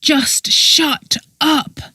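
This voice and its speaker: A woman's voice: high voice, very slow, sharp tone, no echo, studio quality, pitched above the performer's own voice, heavily acted. A woman reading an audiobook, voicing a young man who speaks in a clipped, angry way through gritted teeth. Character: angry young man defending his father, tense. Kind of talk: audiobook character voice.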